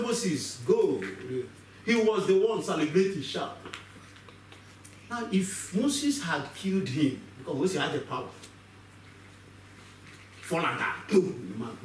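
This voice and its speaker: A male pastor preaches an animated sermon in a church hall, acting out voices and asking the congregation questions. His voice is a little high, the recording is echoey with the mic far off, and there is slight background noise.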